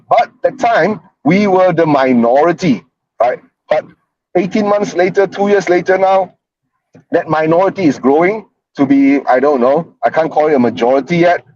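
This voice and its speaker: A man's voice: a little high, a little mellow. Chatty man hosting a fan stream, muffled. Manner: rambling, peppers speech with "right?". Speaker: fan show host. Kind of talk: casual live-stream chat. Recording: dull lo-fi stream audio.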